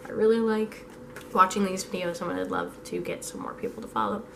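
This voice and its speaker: A hoarse young woman chatting through a casual planning vlog, thinking aloud. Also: mid-range voice, sing-song, a little fast, a little hiss or hum. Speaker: vlogger.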